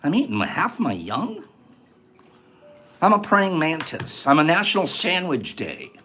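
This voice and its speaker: A chatty male livestream host with a fairly high voice that swings up and down a lot. He talks viewers through each step in a casual, running commentary and reads their guesses aloud as they come in. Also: wildly swooping pitch, unhurried, pushed and bright, faint music behind. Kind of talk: casual livestream chat and how-to.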